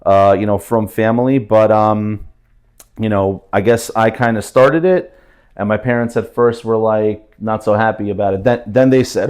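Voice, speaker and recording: Chatty low-voiced man. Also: moderate pace, darkish tone, smooth. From New Jersey, USA. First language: Russian. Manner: chatty, many fillers and restarts. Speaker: guest. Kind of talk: casual interview conversation.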